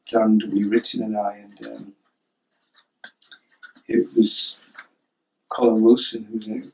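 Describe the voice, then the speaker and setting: Middle-aged male author, gravelly and low-toned, loose conversational storyteller. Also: mellow, poor audio. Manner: rambling, conversational, full of "you know" and "right?". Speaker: author and journalist. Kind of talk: personal storytelling.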